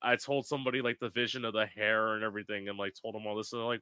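Bright-voiced guy hosting a chat, talks fast and loose, dry close sound. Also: lowish voice, flat delivery, smooth, no echo. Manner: chatty, quick, swears casually. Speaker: podcast host, drag performer. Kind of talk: casual chat.

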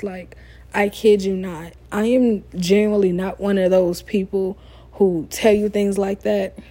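A woman's voice: mid-range voice, slightly rough. Sassy, tired woman podcaster. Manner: sassy, conversational, animated asides. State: tired late at night. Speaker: podcast host. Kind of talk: casual solo podcast advice talk.

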